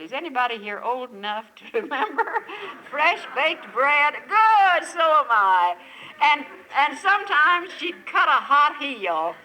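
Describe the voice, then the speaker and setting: Older woman, devotional camp talk, effusive, many rhetorical questions, ringing bright tone. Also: fairly high pitch, poor audio. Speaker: camp speaker. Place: gathering at a lakeside retreat camp.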